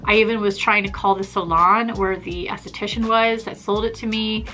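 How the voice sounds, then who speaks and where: A young adult woman, a makeup artist, chatting casually and fast in her vlog. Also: mid-range voice, steady tone, pushed and bright, soft background music. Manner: chatty, bubbly, fast-talking.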